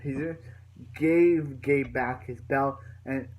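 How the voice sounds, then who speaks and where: A man's voice: medium pitch, steady tone, slow, darkish tone, a little hiss or hum, rough recording. A young man recapping a TV episode in a casual, rambling way, full of fillers and restarts. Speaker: reviewer.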